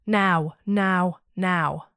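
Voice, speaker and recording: A woman's voice: lowish voice, fairly even intonation, measured pace, fairly bright tone, no room sound, clean studio sound. A woman voicing an unseen ghostly presence that chants urgently and insistently.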